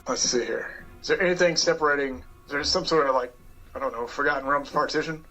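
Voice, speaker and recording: A man playing a character in a tabletop role-playing game, thinking aloud in a relaxed way. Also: fairly high pitch, fast talker, soft background music, rough recording. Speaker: player.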